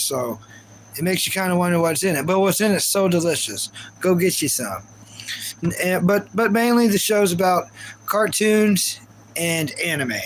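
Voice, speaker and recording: A man's voice: sits high, a bit bright, a little hiss or hum, low-quality recording. A man hosting a live stream, talking casually and rambling with lots of fillers as he reads chat. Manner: rambling and chatty, with many fillers.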